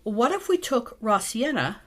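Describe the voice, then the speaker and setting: A woman's voice: a little high, big pitch swings, normal speed. A middle-aged woman teaching a casual painting tutorial, chatty and thinking aloud as she mixes colours.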